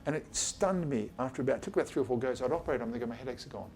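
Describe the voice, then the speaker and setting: An Australian eye surgeon gives an informal talk to a small group of colleagues in his office, with faint music behind him. His medium-pitched voice is expressive, rapid-fire and a little mellow. He's blunt and chatty, swears casually and acts out his exchanges with patients.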